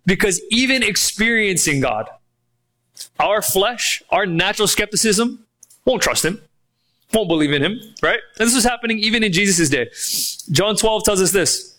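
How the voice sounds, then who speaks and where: Pastor guy preaching, high bright voice, punchy, lots of rhetorical questions. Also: animated. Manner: emphatic, with rhetorical questions and slowed key phrases. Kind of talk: sermon.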